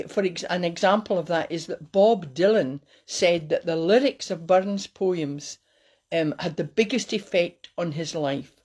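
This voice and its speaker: A woman giving a light, cheeky talk to her viewers and slowing down to recite verse. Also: fairly low pitch, a little mellow. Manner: cheeky, playful, slows down to recite. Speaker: host giving a Burns Supper talk. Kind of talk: casual talk with poetry recitation.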